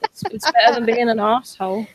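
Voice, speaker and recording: A woman's voice: fairly high pitch, steady tone, brisk, heavy background noise. A woman co-hosting a casual stream chat, blunt and swearing as she tells stories. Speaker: stream co-host.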